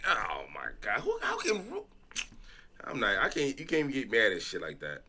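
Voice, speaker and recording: A man's voice: mid-range voice, huge pitch swings, normal speed, pushed and bright, husky. A man from Chicago reacting to videos on stream, talking loosely and profanely with frequent restarts. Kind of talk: casual reaction stream chat.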